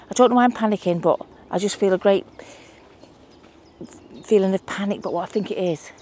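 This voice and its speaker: A woman's voice: on the low side, a little mellow, slight background noise. Chatty Northern English woman outdoors. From England. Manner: chatty, thinks aloud, self-deprecating. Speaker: allotment vlogger. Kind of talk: casual chat to camera while working. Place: windy outdoor allotment garden.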